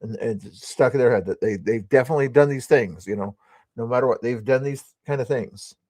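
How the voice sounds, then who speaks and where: A man's voice: medium pitch, brisk, darkish tone, no echo. A man hosting a live news commentary stream, speaking in a sarcastic, scoffing way.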